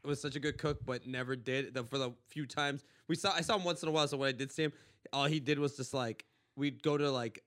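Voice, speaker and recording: A man's voice: medium pitch, quick pace. A man from Los Angeles, a comedian hosting a podcast, telling crude jokey stories. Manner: animated storytelling, profane and joking. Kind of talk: casual podcast chat.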